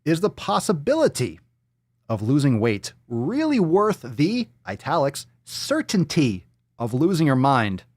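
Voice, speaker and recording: A man's voice: on the high side, wildly swooping pitch, measured pace, darkish tone, no room sound. A man hosting a fitness podcast, ranting in a profane, sarcastic and exasperated way. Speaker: podcast host.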